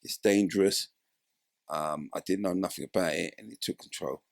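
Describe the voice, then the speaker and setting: A man's voice: deep voice, moderate pace, vocal fry, dry recording, studio quality. A man, telling his story in a casual interview and acting out the voices of people in it. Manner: animated, acts out voices in his stories. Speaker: interview guest, former footballer.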